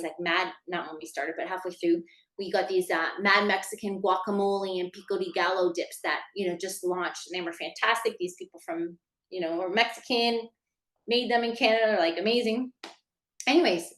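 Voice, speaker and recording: A woman teaches a workshop in a loose, conversational way, with plenty of fillers, and speaks directly to her audience. Her voice sits at a middle pitch. The recording has a noticeable room echo. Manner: chatty, many fillers, addresses listeners directly. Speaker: workshop instructor. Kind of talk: casual workshop lecture.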